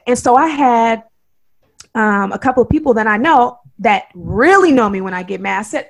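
Gravelly Oakland woman telling a story. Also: fairly high pitch, normal speed. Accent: Oakland, Bay Area. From Oakland, California. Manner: animated, emphatic storytelling. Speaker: podcast co-host. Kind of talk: casual storytelling chat.

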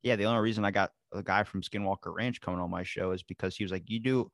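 A man's voice: low voice, vocal fry, dry recording. A man with a Baltimore accent hosting a podcast, chatting casually and swearing as he tells stories. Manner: fast, swearing, animated storyteller. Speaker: podcast host.

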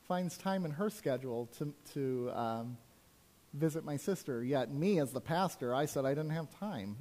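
A man's voice: a little high, darkish tone. A man preaching a sermon as a pastor, telling personal stories in a conversational way with frequent asides to the congregation.

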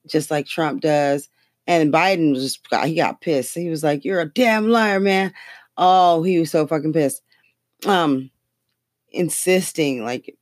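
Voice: medium pitch, darkish tone, no echo, clean studio sound. A podcast host talking about politics in a loose, rambling way, swearing and laughing often. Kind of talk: casual political chat.

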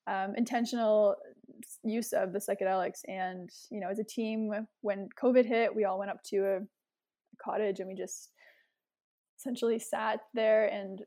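A young woman telling a story as an interview guest, animated, with many fillers. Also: medium pitch. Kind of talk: casual interview chat.

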